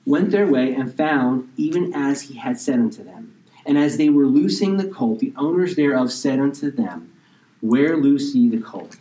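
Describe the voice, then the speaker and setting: A man preaching a sermon, reading scripture slowly and explaining it in casual asides, now and then dropping almost to a whisper. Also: medium pitch, mellow, far from the mic, poor audio. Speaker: pastor.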